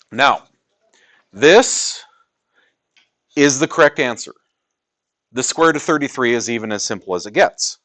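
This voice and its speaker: A man lecturing a high school math class, stressing key rules and repeating them. His pitch swings widely as he talks. He keeps a slow, deliberate pace. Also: fairly bright tone. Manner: emphatic, repeats key points to students.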